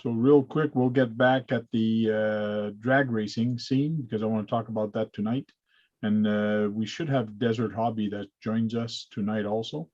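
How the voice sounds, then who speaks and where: A man's voice: fairly low pitch, steady tone, normal speed, a little mellow. A man hosting a casual hobby livestream, explaining things step by step with plenty of uh's over a video call. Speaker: host. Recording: lo-fi dull sound.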